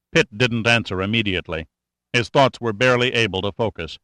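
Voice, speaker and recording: A man narrating an adventure novel as an audiobook, in a steady, measured reading. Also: lowish voice, no room sound.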